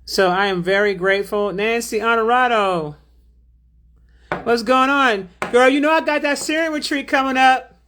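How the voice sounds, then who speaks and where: A woman's voice: fairly high pitch, moderate pace, fairly bright tone. A woman hosting a spiritual livestream, reading out chat and donations in a drawling, affectionate way, calling viewers baby and beloved.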